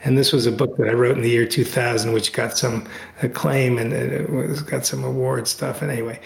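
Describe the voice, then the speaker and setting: A middle-aged man telling a story in a casual interview over a video call, animated and full of restarts, his voice jumping high when excited. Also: fairly quick, creaky, roomy sound. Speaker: guest, author and Tai Chi teacher.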